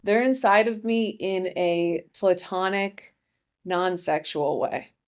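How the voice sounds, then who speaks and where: A young woman hosting a comedy podcast, rambling through a casual monologue with deadpan asides and frequent self-interruptions. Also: fairly low pitch, slow.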